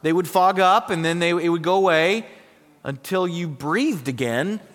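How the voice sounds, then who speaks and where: A pastor from South Dakota delivering a sermon, emphatic and swinging between loud passages and hushed ones. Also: male voice, high-pitched, normal speed, long reverb tail, a little hiss or hum.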